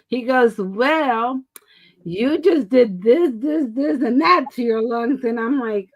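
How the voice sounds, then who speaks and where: Slow-talking woman telling a funny story. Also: a little high, low-quality recording. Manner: animated storyteller, laughs often, acts out quotes. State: asthma and COPD. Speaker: co-host of a talk stream. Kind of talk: casual storytelling chat.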